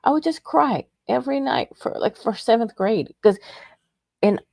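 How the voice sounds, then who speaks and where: A woman's voice: a little high, animated, normal speed, gravelly, darkish tone, no room sound, clean studio sound. A middle-aged woman from Texas telling a personal story in a rambling, emotional way, often restarting her sentences. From Texas, United States. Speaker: radio show host sharing a personal story.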